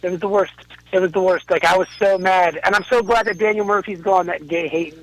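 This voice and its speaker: A man's voice: high-pitched, fairly even intonation, a little fast, fairly bright tone, no echo, rough recording. A middle-aged man calling in, telling stories in a profane, ranting way. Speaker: caller. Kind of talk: casual chat. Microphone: phone call.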